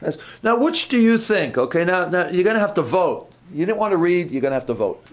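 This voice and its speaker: A male preacher with a fairly high voice gives an informal sermon to a gathered congregation. He talks in a loose, chatty way, repeating words and correcting himself. He keeps turning to the room with questions. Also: expressive, brisk.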